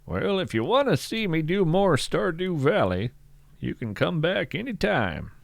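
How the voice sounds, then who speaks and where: A man putting on an accent to invite viewers back to his stream, with a friendly, drawn-out manner. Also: fairly high pitch, big pitch swings, vocal fry, no room sound, pitched above the performer's own voice, heavily acted. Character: himself in a put-on accent, man.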